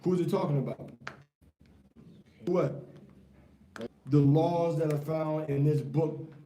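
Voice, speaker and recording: Slangy, animated male Bible teacher. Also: a little high, slow, slight background noise. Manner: animated, slangy, quizzes the class with rhetorical questions. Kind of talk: informal scripture class teaching. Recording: echoey room, mic far off.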